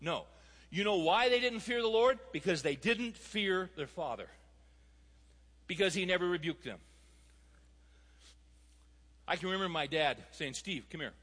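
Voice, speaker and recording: High, bright-voiced male preacher in a hall. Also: lively intonation, normal speed. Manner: emphatic, with rising intensity. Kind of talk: recorded sermon. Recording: long hall reverb.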